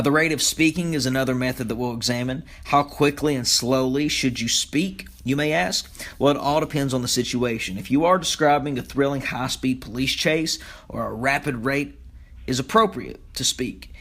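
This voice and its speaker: A man's voice: mid-range voice, fairly bright tone. A man teaching a speech communication lecture as a podcast, explaining points plainly with occasional fillers.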